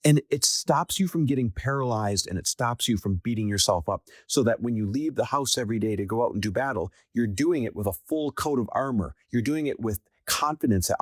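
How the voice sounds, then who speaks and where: A middle-aged man delivers a motivational business talk with a lively, swooping delivery. His voice is slightly husky, and he hammers home key phrases by repeating them. The sound is dry and close. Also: medium pitch, fairly quick, hardly any pauses, dry recording. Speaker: podcast host.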